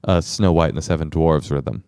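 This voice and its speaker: A man's voice: a bass voice, normal speed, mellow, clear, resonant tone, no room sound, clean studio sound. A man co-hosting a podcast, chatting casually and teasing with jokes. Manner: joking, teasing. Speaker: podcast co-host. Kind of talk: casual comedic banter.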